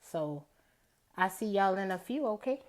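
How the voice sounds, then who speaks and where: Woman vlogger, unhurried and chatty, rambling casual delivery. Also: medium pitch, lively intonation. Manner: chatty, rambling, drawls out words. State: out of breath after a bike ride. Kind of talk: casual day-in-my-life vlog.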